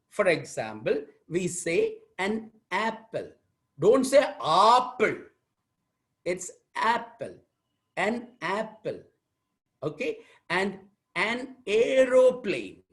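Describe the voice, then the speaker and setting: A trainer from Tamil Nadu with a Tamil Indian English accent, giving an online workshop lecture and repeating key words with emphasis over a video call. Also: medium pitch. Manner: slow, repetitive, emphatic teaching. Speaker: aptitude trainer.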